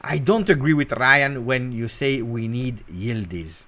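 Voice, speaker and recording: A man hosting a casual football talk show, animated and teasing, jumping between loud bursts and quiet mutters. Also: medium pitch, a little slow. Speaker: football channel host. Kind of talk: casual live commentary.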